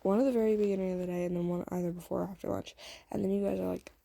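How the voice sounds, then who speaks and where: A woman's voice: fairly low pitch, fairly even intonation, rapid-fire, gravelly, dark tone, dry recording. A woman casually telling a second-person fan story, rambling and correcting herself with many fillers. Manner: rambling, lots of "like" and self-corrections. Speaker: storyteller and channel host.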